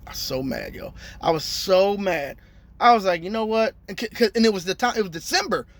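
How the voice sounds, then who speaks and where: Animated high-voiced trucker. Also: male voice, brisk. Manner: animated storytelling, acts out phone calls, slangy. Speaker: truck driver vlogger. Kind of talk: casual vlog rant.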